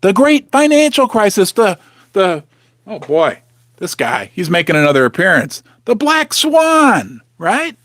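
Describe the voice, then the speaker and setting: A man's voice: sits high, wildly swooping pitch, a little slow, fairly bright tone, dry recording, studio quality. A man hosting a casual, rambling commentary from his basement, talking straight to his viewers with sarcastic asides and muttering to himself. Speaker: host of a precious metals channel. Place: home basement.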